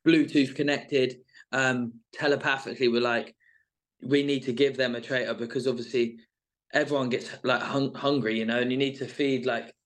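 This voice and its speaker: A man talks loosely and casually as a guest, stringing his thoughts along with plenty of fillers. His voice sits at an ordinary middle pitch and he never sounds scripted. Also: flat delivery, moderate pace. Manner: rambling, full of "like" and "sort of". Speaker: reality show contestant guest. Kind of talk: casual interview chat.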